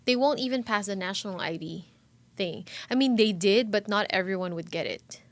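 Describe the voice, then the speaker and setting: A woman's voice: mid-range voice, dry recording. A woman from the Philippines, co-hosting a podcast in casual chat, hedging her points and laughing easily. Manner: chatty, hedging, quick to laugh. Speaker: podcast co-host.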